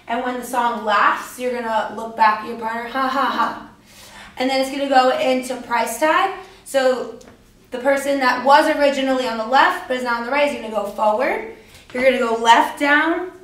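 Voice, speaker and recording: A woman's voice: a little high, fairly bright tone. A young woman teaching a line dance, talking casually through each move. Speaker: dance instructor. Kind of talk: instructional dance walkthrough. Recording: echoey hall, voice from far off.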